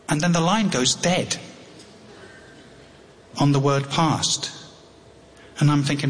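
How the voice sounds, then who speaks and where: A middle-aged English man telling a personal story live, halting and wry, with frequent restarts. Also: fairly high pitch. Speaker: storyteller on tour. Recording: long hall reverb, faint noise.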